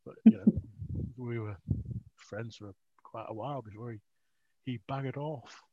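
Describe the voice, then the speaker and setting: A man's voice: medium pitch, measured pace, mellow, slightly rough, no echo. A man, an author, telling rambling, self-mocking stories with frequent laughs in a casual interview. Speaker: author, guest. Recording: dry, dull lo-fi audio.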